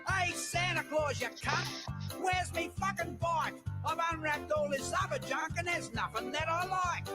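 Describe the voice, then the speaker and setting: Bratty cursing little girl for a crude comedy song record, a woman voicing her, high-pitched, loud backing music. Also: moderate pace. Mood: furious ranting. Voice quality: brash, swearing, sing-song. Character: foul-mouthed angry little girl.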